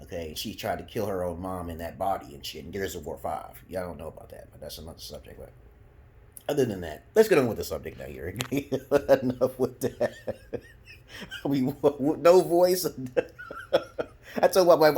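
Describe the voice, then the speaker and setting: A man from Brooklyn delivering a comedic rambling monologue, profane and giggly, jumping into loud high squeals. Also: sing-song, moderate pace, husky. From Brooklyn, New York, USA. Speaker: vlogger.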